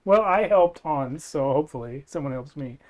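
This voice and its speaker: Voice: medium pitch, moderate pace. A tabletop game player who jokes and banters lightly with the other players around the table. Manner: joking, lively banter. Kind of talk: casual tabletop game play.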